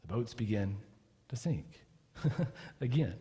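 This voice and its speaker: A male pastor preaching a sermon as lively storytelling, acting out the people he quotes. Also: medium pitch, slow pace, slightly rough, in a large hall.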